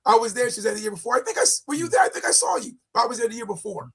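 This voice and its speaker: Man hosting a church chat show, raspy gravelly voice, keeps pulling things back on topic. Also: very high-pitched, wildly swooping pitch, very fast, fairly bright tone. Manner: steers the talk, jokey. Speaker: host. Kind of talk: casual faith talk show chat.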